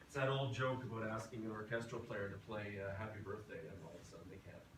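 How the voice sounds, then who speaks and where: A man teaching a singing class in a relaxed, chatty lecture style. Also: on the low side, fast talker. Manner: relaxed, chatty, tells anecdotes. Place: classroom or rehearsal hall. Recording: roomy, from far off, noisy.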